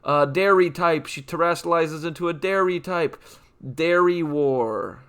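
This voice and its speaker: A young man with a fairly high, bright and crisp voice reads out a long string of punny names. He drags each name out, then rambles through quick offhand jokes about it. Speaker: comedy channel host. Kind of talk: comedic list-reading of nicknames.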